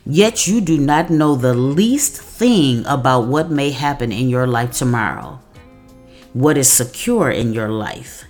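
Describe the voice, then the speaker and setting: A woman giving a devotional message, reading scripture verses slowly and deliberately. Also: a bass voice, expressive, darkish tone, soft background music. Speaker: devotional speaker.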